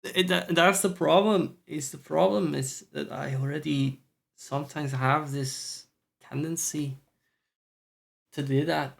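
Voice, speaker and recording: A man's voice: a little high, steady tone, slow, creaky. A Scottish man chatting casually on a stream, rambling, swearing often and talking to himself.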